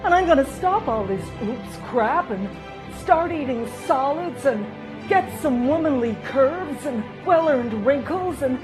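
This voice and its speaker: A woman's voice: high voice, lively intonation, a little slow. A woman playing a possessed female celebrity who turns sensible and defiant, declaiming and half-singing. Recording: music playing underneath. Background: music.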